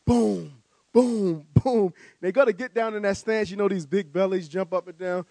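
A man from New Jersey, a guest speaker telling an animated story with vivid details and stammering repeats. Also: high-pitched, quick pace, no room sound. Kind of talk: storytelling speech.

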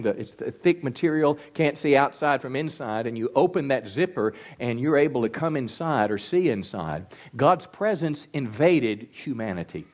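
A man preaching a sermon as pastor, earnest and stressing key words slowly. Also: medium pitch.

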